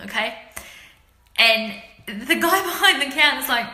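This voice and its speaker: A woman's voice: on the high side, measured pace, pauses often, pushed and bright. An Australian woman hosting a casual live chat, talking to her viewers by name in a rambling, slangy, chatty way. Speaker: livestream host chatting with viewers. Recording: roomy echo.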